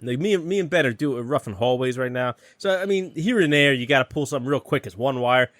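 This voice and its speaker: A man's voice: mid-range voice, lively intonation, fast, a bit bright, dry recording. Brief: union-electrician man hosting a podcast, loose and profane, dry sound. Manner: profane, laughing storyteller. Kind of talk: casual chat.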